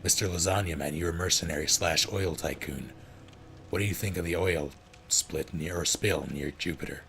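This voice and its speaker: A man's voice: sits low, normal speed, gravelly, pushed and bright, a little hiss or hum, full character voice. A man voicing a courteous, fawning male party host who speaks in formal, broken phrases.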